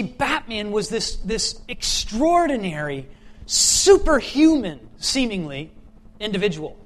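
A male preacher with a notably high voice reads scripture and then preaches in a chatty, storytelling way. He stumbles and restarts often, then builds to emphatic, ringing questions. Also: fairly bright tone, a little hiss or hum. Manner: conversational, with fillers and restarts, rising to emphatic questions. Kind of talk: scripture reading and sermon.

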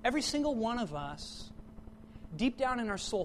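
A man's voice: very high-pitched, sing-song, normal speed, fairly bright tone, slight background noise. A man preaching a sermon in an earnest way, often repeating words and correcting himself as he goes.

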